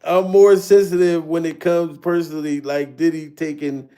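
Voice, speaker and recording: A man's voice: a little high, level tone, normal speed, mellow. A man hosting a casual livestream, chatting with viewers in slangy talk and laughing often. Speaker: livestream host reading chat.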